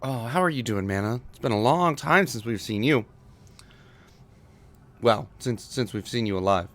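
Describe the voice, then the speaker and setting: A man's voice: medium pitch, lively intonation, normal speed. A man chatting casually with viewers on a livestream from home. He is laid-back, chuckles often and calls people "man". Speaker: streamer. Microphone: desk microphone.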